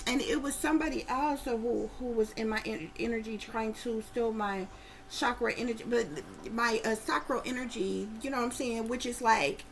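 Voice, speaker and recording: A middle-aged woman and psychic reader, telling viewers a story in a casual, profane and animated way while calling out to her audience. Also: a little high, normal speed, slight background noise.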